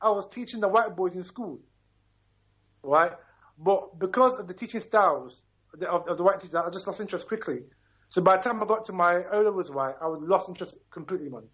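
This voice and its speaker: A man's voice: high voice, animated, a little fast, fairly bright tone, muffled recording. A man in his fifties from Ghana calling into a radio talk show, talking emphatically and passionately, often checking in with "right?". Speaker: caller.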